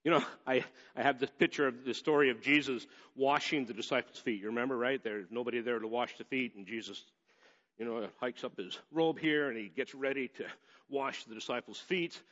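A man's voice: mid-range voice, a little fast, fairly bright tone. A man preaching a sermon in a conversational way that builds to emphatic stretches. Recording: echoey hall, dull lo-fi sound.

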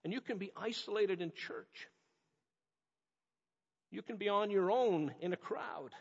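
A man's voice: high-pitched, unhurried, creaky, husky. A man from North America preaching a sermon as a pastor, earnest and emphatic, repeating key phrases. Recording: dull lo-fi audio with long hall reverb.

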